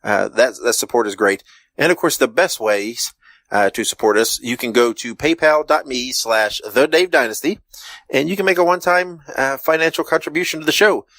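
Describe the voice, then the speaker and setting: Man, podcast host, halting plugs, mid voice, dry. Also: mid-range voice, fairly bright tone, dry recording. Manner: halting, many fillers. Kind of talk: show outro and plugs.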